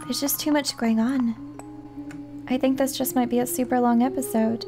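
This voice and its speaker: Soft-spoken woman playing a game. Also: high-pitched, steady tone, normal speed, music in the background. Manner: gentle, hushed, often whispering. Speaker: gamer. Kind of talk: soft-spoken gameplay commentary.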